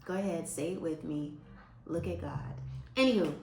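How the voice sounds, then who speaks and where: A woman's voice: low voice, moderate pace, background noise. Chatty woman in her fifties, roomy sound. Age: 50s. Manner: chatty and expressive, quotes people in lively voices. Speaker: vlogger. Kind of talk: casual storytelling to viewers.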